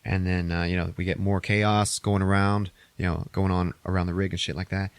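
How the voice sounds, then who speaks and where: Profane, animated man recapping a movie. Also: low voice, brisk, smooth, no room sound. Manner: profane, animated retelling with put-on quotes. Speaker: podcast host.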